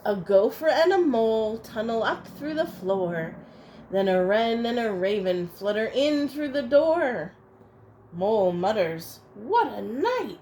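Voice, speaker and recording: A woman reading a picture book aloud to children, expressive and playful, adding little asides for young listeners. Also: medium pitch, a little hiss or hum, poor audio. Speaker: storyteller.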